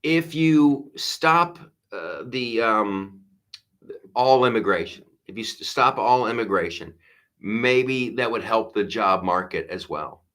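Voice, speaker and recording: Male comedy show host, sarcastic exasperated rant, bright forceful tone. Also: on the low side, lively intonation. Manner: exasperated, sarcastic, fast restarts. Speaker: comedian host of a live news talk show. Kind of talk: ranting comedic commentary.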